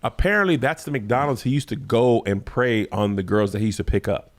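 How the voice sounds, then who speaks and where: Animated man co-hosting a casual podcast. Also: medium pitch, a little fast. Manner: animated, joking, talks over his co-host. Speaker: podcast co-host. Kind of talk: casual chat.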